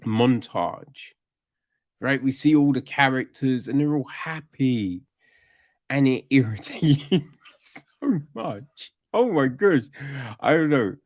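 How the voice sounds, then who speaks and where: A man's voice: medium pitch, lively intonation, slow, no echo, studio quality. A man hosting a podcast, reviewing a TV series in a rambling, casual way that turns into exasperated, swearing rants.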